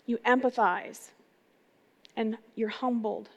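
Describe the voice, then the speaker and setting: A woman's voice: on the high side, takes it slowly, highs cut off. Woman preaching in a reverberant hall. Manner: energetic, conversational, asks the crowd rhetorical questions. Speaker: pastor. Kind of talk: sermon. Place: church sanctuary. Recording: long reverb of a large hall.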